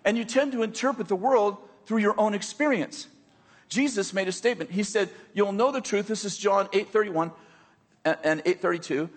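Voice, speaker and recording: A man preaching a sermon to his congregation, conversational and quick to make joking asides to the room. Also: high-pitched, long reverb tail. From United States. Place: church hall with a congregation.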